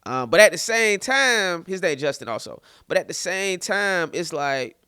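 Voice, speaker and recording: A male comedian in his thirties, hailing from St. Petersburg, Florida, narrates a casual story on his podcast at normal speed. His high voice is clear and resonant, and he repeats words and acts out quotes with loose, animated energy. It's studio quality, with no room sound.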